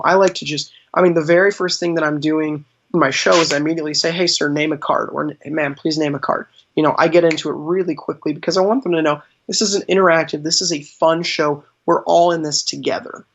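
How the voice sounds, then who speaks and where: A man's voice: fairly high pitch, vocal fry. Chatty man on a dull, lo-fi line. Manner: chatty, laughs often, many fillers. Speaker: magician, podcast guest. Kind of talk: casual interview storytelling. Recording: dull lo-fi sound.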